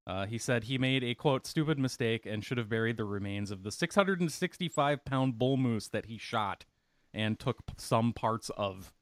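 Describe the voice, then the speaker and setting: Jokey male podcast co-host. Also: mid-range voice. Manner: jokey, reads news items with pauses. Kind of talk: casual news chat.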